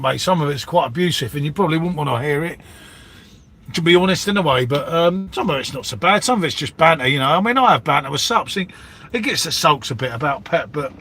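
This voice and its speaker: Rambling bloke saying mate. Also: male voice, fairly high pitch, gravelly, bright, forceful tone, breathy edge. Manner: matey, rambling, says "mate" and "innit" constantly. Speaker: livestream host chatting with viewers. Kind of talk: casual live-stream chat.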